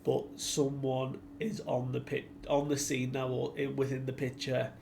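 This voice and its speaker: A man with a gravelly, fry-laced voice walks through the latest comic chapter in a relaxed, chatty way. His pitch sits in an ordinary middle range. He retells the story like a fan, acting out the characters' lines as he goes. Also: measured pace, slight background noise. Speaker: anime and manga reviewer. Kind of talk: casual chapter recap.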